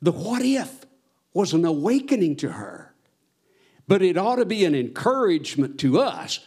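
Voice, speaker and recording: A man's voice: a little high, big pitch swings, brisk, darkish tone. A man preaching a sermon as pastor, earnest, his voice swelling on his exhortations.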